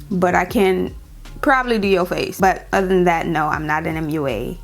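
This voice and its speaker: A woman's voice: on the low side, normal speed, faint music behind. A young woman with a New York accent, chatting casually to her viewers in a Q&A vlog in an upbeat way. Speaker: YouTuber hosting her channel.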